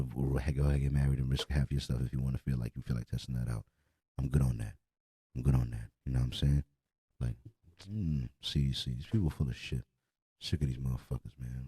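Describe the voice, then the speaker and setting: A man's voice: a bass voice, mellow, breathy edge, dry recording, studio quality. A young man hosting a podcast in a casual, blunt and profane rant. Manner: blunt, profane, repetitive, heated. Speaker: podcast host.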